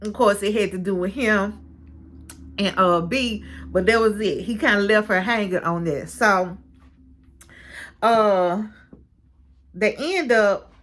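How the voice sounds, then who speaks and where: A woman casually recapping a show's episode, chatty and expressive, acting out what each person said. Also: mid-range voice, slow, pauses often, a little hiss or hum. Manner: chatty and expressive, calls listener "baby"; retells scenes with quoted dialogue. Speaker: show recap reviewer.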